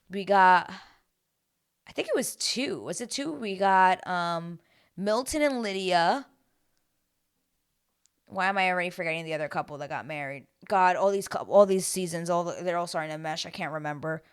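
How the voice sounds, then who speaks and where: A young woman gushes through a casual recap in an expressive, chatty way. Her voice sits a little low for a woman. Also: normal speed, clear, resonant tone. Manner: chatty, gushing, exclamatory. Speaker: recap vlogger.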